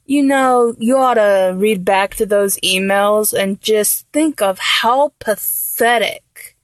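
A young woman with a medium-pitched voice speaks slowly in a dominant audio role-play, taunting and mocking her listener. She laughs often and slips into whispers, with no room sound.

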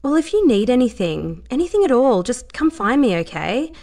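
A woman's voice: on the high side, big pitch swings, normal speed, a little mellow, voice pushed up. A woman voicing a level-headed young dancer, dry and sometimes sarcastic. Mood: firm.

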